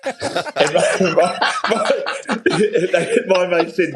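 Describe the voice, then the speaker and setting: A man's voice: on the high side, slow pace, noisy background. A middle-aged man, a podcast guest telling stories in casual chat and acting out the voices in his anecdotes. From Australia. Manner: animated storyteller, acts out voices in anecdotes.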